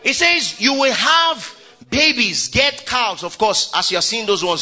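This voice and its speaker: A man preaching a lively sermon, calling out to the congregation, shouting and laughing as he goes. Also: very high-pitched, measured pace. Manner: exuberant preaching, shouting and laughing, call and response. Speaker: pastor.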